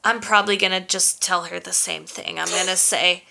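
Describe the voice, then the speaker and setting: A young woman co-hosting a podcast, telling a story in a sassy, profane, animated way. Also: fairly low pitch, moderate pace, gravelly, slight background noise. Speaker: podcast co-host. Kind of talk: casual storytelling chat.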